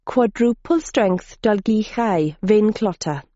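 A man's voice: high-pitched, expressive, slow, mellow, no echo. A woman voicing a wily Welsh male cheese smuggler who speaks in a sing-song, salesman-like way, on a dull lo-fi recording. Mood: salesy.

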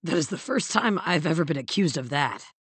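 A sardonic male villain with a husky edge, as a woman reader puts him on, tossing off wry, clipped retorts with a lively, swinging pitch. He sounds commanding and dry in an audiobook read. The recording is close and dry, with no room sound. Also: a little fast, dry recording. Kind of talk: audiobook character voice.

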